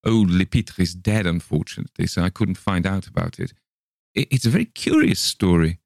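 A man voicing an eccentric, vague artist friend who hesitates and then warms up, with a very low gravelly voice. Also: expressive, brisk, no room sound, studio quality. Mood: hesitant.

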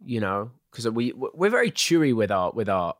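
A young man with an English accent, chatting casually as an interview guest, relaxed and quick to laugh with lots of fillers. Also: mid-range voice, dry recording, studio quality. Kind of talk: casual chat.

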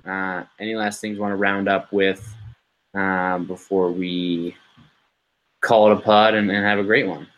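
A man's voice: sits low, flat delivery, measured pace, a bit bright, poor audio. A young man co-hosting a sports podcast, talking casually and hesitantly with many fillers. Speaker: podcast co-host.

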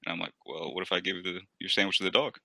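A man with a deep, smooth, soothing radio-like voice, chatting casually and telling stories about his young kids with easy laughter. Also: rapid-fire, no room sound. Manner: relaxed storyteller, laughs often. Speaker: parent in group chat. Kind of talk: casual chat.

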